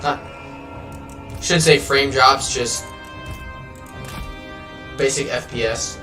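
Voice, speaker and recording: A man's voice: medium pitch, fairly even intonation, takes it slowly, reverberant, far from the mic. A man live-streaming a game, chatting casually and rambling, swearing freely as he plays. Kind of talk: casual live gameplay chat. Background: game music.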